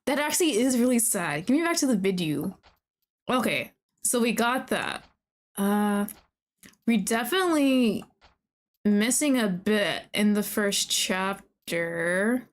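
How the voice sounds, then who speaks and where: A woman streamer commenting on a game as she plays, gushing, excitable and talking straight to the characters. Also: medium pitch, slow pace. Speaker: VTuber streamer. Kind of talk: let's-play commentary.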